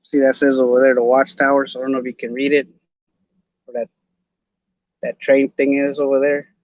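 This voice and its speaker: A man's voice: mid-range voice, little pitch movement, brisk, dry recording, highs cut off. A man from Los Angeles with a Chicano accent, hosting a podcast in loose live-stream chat, full of slang and restarts. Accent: Chicano English. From Los Angeles, California. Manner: laid-back slangy talk, many restarts and repeated words. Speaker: podcast host.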